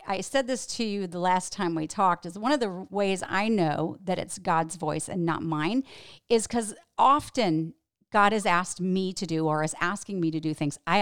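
A woman's voice: medium pitch, smooth, no echo, studio quality. A woman hosting a faith podcast, giving an earnest scripted intro before chatting casually and expressively with her guest, laughing easily. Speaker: podcast host. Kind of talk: scripted intro, then casual interview chat.

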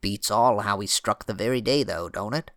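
A man's voice: fairly low pitch, moderate pace, fairly bright tone, dry recording, lightly acted. A man voicing a stubborn older farmer in an audiobook, talking in a rustic, drawling way with sighs. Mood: gruff.

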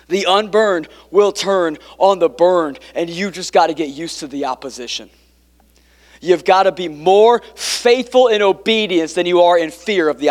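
High-voiced man preaching in a reverberant hall. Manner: dynamic preaching, swinging from quiet to emphatic; joking asides to the congregation. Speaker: pastor. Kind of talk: sermon.

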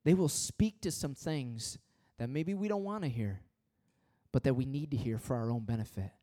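A middle-aged pastor with a mid-range, warm voice speaks at normal speed, preaching a conversational sermon. He's emphatic, repeats himself often, and tells anecdotes while addressing the congregation directly.

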